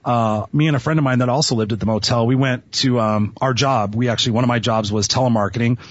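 A man telling his life story as a guest on an interview show, animated and eager, often acting out voices. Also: mid-range voice, fast talker. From Southern California. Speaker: podcast guest. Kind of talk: storytelling in conversation. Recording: dull lo-fi sound.

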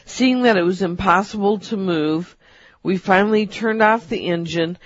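A woman co-hosting a talk show, reading a personal story aloud in a measured storytelling manner. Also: mid-range voice. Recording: dull, dry.

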